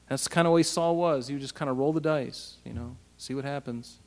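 A pastor preaching a casual, animated Bible-teaching sermon, asking his listeners rhetorical questions. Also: medium pitch, fairly quick, few pauses, in a large hall.

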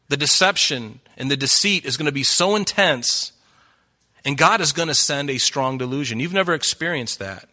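Bright-voiced earnest male preacher. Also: a little high, lively intonation, fairly quick. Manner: earnest, pleading, rising emphasis. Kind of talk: sermon.

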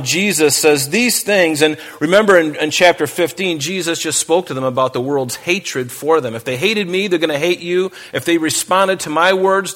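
A man teaching verse by verse in a conversational sermon, with joking asides and slow, deliberate reading of scripture. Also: on the high side, a bit bright. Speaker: pastor.

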